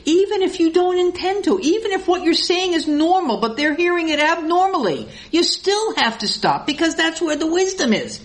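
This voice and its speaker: A woman teaching a sermon, acting out quarrels in little voices and dropping to a low hush to make a point. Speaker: Bible teacher.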